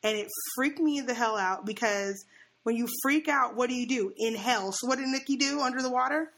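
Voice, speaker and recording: A young woman chatting casually and telling a story in a slightly high voice. She talks in an animated way, laughs a lot and acts out what people said to her. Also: brisk, vocal fry.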